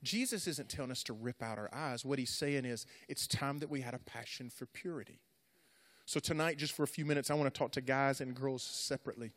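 A man preaching a sermon to young people, swinging between dramatic, loud storytelling and casual, conversational asides full of fillers and restarts. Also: medium pitch, brisk. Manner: animated dramatic storytelling, rising loud in retellings.

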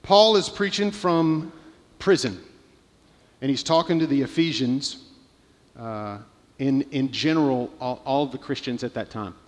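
A man's voice: medium pitch, measured pace, big-room sound. A man in his thirties preaching a sermon, telling a personal story with many restarts and fillers. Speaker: pastor.

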